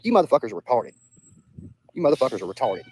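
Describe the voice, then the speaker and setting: A young streamer from the Southern United States reacts to chat in a blunt, profane, casual style, repeating himself often. He speaks at a racing pace with a medium pitch that swoops wildly and a dark tone. The recording is rough, with a little hiss or hum.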